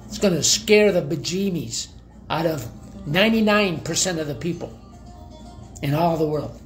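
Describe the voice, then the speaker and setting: A man's voice: fairly high pitch, animated, moderate pace, faint music behind. An older man, a pastor giving a devotional sermon, earnest and folksy, reading quotations aloud with homely asides.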